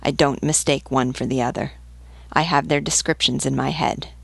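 A woman's voice: a bass voice, fairly even intonation, normal speed, vocal fry, husky, no echo, heavily acted. A woman reading the lines of a knowledgeable male ship's pilot who lists enemy ships in a matter-of-fact way.

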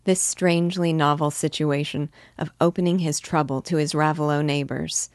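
Low-voiced woman reading a classic novel. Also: fairly even intonation, normal speed, dry recording, clean studio sound. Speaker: literature teacher reading aloud. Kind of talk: audiobook narration.

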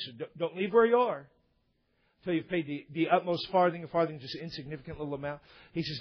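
Guy preaching, acts out little scenes w/ voices, kinda husky, muffled recording. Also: on the high side, fast talker. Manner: storytelling with acted-out dialogue. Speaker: pastor. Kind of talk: sermon.

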